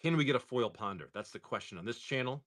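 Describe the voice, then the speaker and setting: A man hosting a live stream, chatting casually and excitedly to viewers as he opens card packs. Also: mid-range voice, fast.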